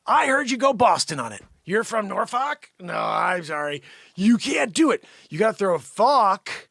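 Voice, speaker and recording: A man hosting an improvised comedy news bit, loudly ranting with sudden shouts and then dropping to low mumbled asides. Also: very animated, measured pace, vocal fry, breathy edge, dry recording, studio quality. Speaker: comedy show host.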